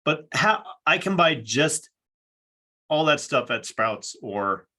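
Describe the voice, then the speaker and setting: A man's voice: on the high side, very animated, takes it slowly, sharp tone. A man co-hosting a casual talk show, easygoing and rambling. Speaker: co-host. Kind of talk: casual chat.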